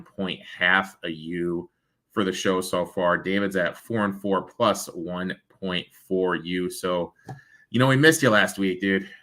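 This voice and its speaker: A man's voice: deep voice, pushed and bright. A man hosting a sports betting show, chatting casually and rattling off baseball stats.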